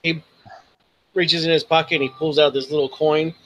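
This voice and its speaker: Casual, cursing game master. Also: male voice, on the high side, flat delivery, fairly bright tone, low-quality recording. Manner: casual, profane, halting narration. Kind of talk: narrating a tabletop game.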